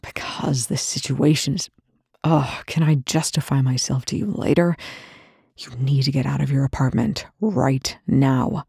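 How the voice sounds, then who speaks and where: A reader voicing an urgent, protective armed man who talks in gruff, clipped orders, often in a low whisper. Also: a little slow, a little mellow, no room sound, studio quality, exaggerated voice. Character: urgent, protective male soldier type with injured leg.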